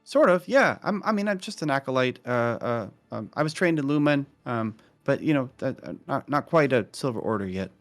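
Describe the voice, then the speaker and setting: A man's voice: medium pitch, expressive, brisk, few pauses, soft background music, close to an everyday voice. A man playing a shy, eager Firbolg acolyte. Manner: shy, hesitant, earnest. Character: tall shy male Firbolg acolyte, eager to make friends.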